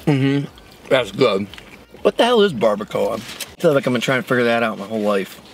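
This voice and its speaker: Young man, co-host, casual chat while eating, joking and grumbly, mid-pitched voice. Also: lively intonation, slight background noise. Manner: joking, quick to complain.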